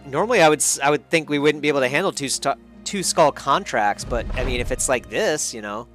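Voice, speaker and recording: A man's voice: medium pitch, expressive, brisk, fairly bright tone. A man giving casual let's play commentary as he plays, chuckling and rambling. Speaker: gamer. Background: faint music.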